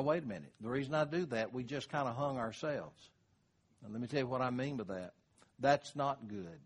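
A man's voice: mid-range voice, breathy edge. An older man, preaching a sermon in a folksy, conversational way. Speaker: pastor.

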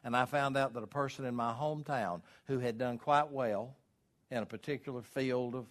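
A man preaching a sermon, asking the congregation to fill in words, swelling loud on key words and dropping low to press a point. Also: fairly even intonation, normal speed. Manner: asks the congregation questions to fill in.

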